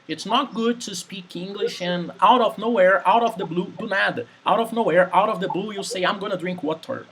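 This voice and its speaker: A man with a husky voice, teaching English in a conversational lesson. He explains patiently and repeats his examples to make each point clear. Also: high-pitched, a bit bright, rough recording. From Brazil. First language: Portuguese.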